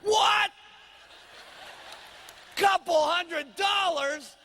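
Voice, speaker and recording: A man acting out a loud, negative male auto mechanic who shouts in disbelief at his wife. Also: very high-pitched, animated, slow, gravelly, a faint crowd, exaggerated voice. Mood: incredulous. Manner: shouting, incredulous.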